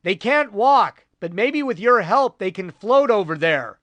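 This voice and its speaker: A man's voice: sits high, sing-song, a little slow, a bit bright, no room sound, voice pushed up, full character voice. A man voicing a Marine captain who gives firm orders to a wounded soldier. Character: Marine captain, steady commanding officer.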